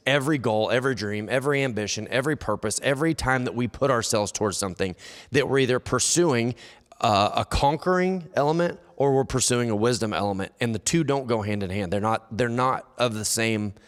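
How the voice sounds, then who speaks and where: A man preaching a sermon as pastor, conversational and acting out quoted inner dialogue. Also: on the low side. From United States. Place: church hall. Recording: long church-hall reverb.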